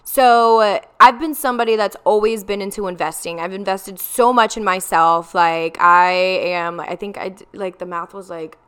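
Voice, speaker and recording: A woman's voice: mid-range voice, fairly even intonation, normal speed, few pauses, fairly bright tone, clear, resonant tone. A young woman telling a candid personal story in a confessional vlog, with plenty of ums and likes.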